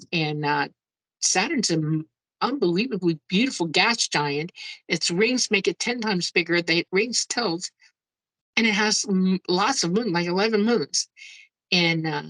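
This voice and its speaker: A woman guest recounts her experience in casual, eager storytelling, her voice lowish and full of gravelly fry. She exclaims often and laughs through her account. The sound is close and dry, with no room around it. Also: a bit bright, no echo, low-quality recording. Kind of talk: casual first-person storytelling.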